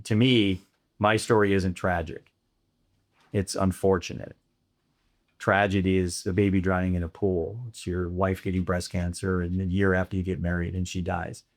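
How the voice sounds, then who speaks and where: A middle-aged man telling his story of loss and recovery in a candid, reflective way, with fillers and restarts. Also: low voice. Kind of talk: personal storytelling talk.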